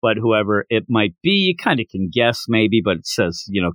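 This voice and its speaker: Animated man recapping comics, lively pitch. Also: normal speed, no echo, studio quality. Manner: animated, acts out character lines in voices while recapping. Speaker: podcast co-host. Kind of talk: casual manga discussion.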